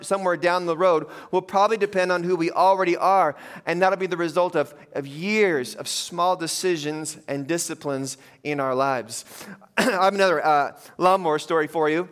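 A man's voice: fairly high pitch, fairly bright tone, smooth. A man preaching a conversational sermon, telling funny stories to his congregation. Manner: conversational, joking storyteller. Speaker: pastor.

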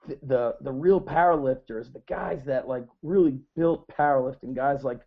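A man's voice: medium pitch, normal speed. Male co-host, mid voice, casual and hesitant, a bit muffled. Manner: hesitant, agreeable. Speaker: podcast co-host. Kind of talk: casual podcast talk.

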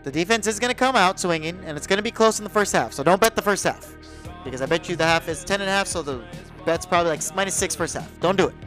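Man, podcast co-host, casual sports talk, animated, swears, faint music behind. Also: sits high, quick pace, rough recording. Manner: animated, swears, argues picks.

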